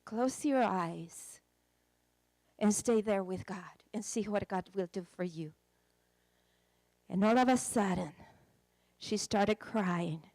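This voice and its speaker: A woman's voice: medium pitch, takes it slowly, long pauses, a little mellow, no room sound. A woman preaching a sermon, telling a counseling story in an emotive, dramatic way.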